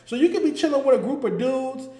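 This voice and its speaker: A man's voice: very high voice, expressive, quick pace, mellow, reverberant. A man hosting his own commentary show, talking in a heated, emphatic way and hammering his points home through repetition. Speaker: host. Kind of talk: solo commentary.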